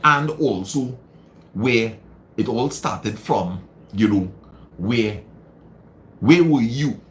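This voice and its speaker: Man, lively swooping pitch, preachy live chat, repeats himself, faint room ambience. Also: very slow, slight background noise. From Trinidad and Tobago. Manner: preachy, repeats phrases for emphasis, reads out viewer comments. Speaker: live stream host. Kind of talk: casual motivational live chat.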